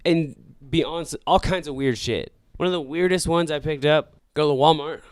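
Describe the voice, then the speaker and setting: A man hosting a podcast, casually telling a story in a loose, profane, animated way full of acted-out dialogue. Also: fairly high pitch, normal speed, dry recording, clean studio sound. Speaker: podcast host.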